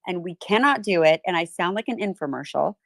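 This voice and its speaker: A woman's voice: lowish voice, animated, a little fast, vocal fry, no echo. A woman hosting a podcast, talking in an emphatic, impassioned way. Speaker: podcast host. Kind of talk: casual chat.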